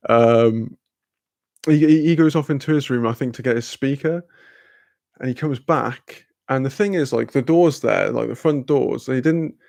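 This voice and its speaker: A man's voice: mid-range voice, moderate pace, creaky, a little mellow, no echo. A young man telling a rambling, sweary story in casual chat, laughing often. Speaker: channel host.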